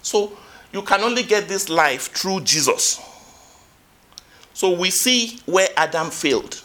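A male preacher delivering a sermon in a bright, ringing voice. His pitch leaps and falls, with loud emphatic peaks and quiet asides. He asks the congregation questions and reads scripture aloud. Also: lively intonation, slow pace.

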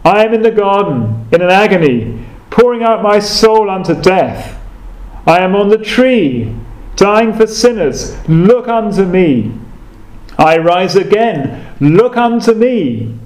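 A man voicing a rustic lay preacher with a broad Essex accent, pleading slowly and emphatically. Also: high-pitched, big pitch swings, a little mellow, heavily acted. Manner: slow, emphatic, repetitive pleading. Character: rustic male lay preacher exhorting loudly. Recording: echoey room.

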